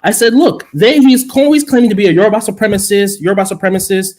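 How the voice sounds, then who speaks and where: A man's voice: sits high, fast talker, few pauses, darkish tone, rough recording. A man from Nigeria arguing as a guest on an online panel debate, indignant and scoffing, who keeps demanding that others quote him.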